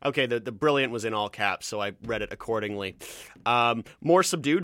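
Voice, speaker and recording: A man's voice: mid-range voice, lively intonation, a little fast, a bit bright, no room sound, clean studio sound. A Canadian man from Ontario hosting a solo podcast, rambling through tangents with frequent restarts and a slight stammer. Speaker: podcast host. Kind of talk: casual solo podcast chat.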